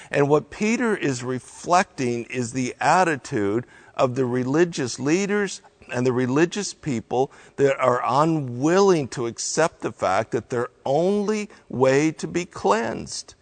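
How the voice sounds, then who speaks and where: A man preaching a sermon, teaching through a scripture passage in a deliberate way, emphatic at times. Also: medium pitch.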